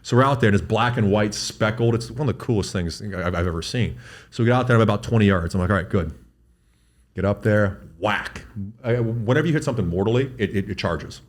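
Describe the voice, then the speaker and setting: A middle-aged man talks at a rapid clip in a low voice, swearing freely as he tells his story. He trips over repeated words when excitement takes hold, like a guest on a casual chat. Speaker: guest doctor.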